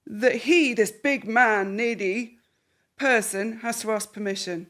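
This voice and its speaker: A woman's voice: fairly high pitch, unhurried. A woman counsellor hosting a podcast, talking a client through a coaching session and acting out the voices of the people she quotes. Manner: animated, acts out quoted voices. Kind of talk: therapy session conversation.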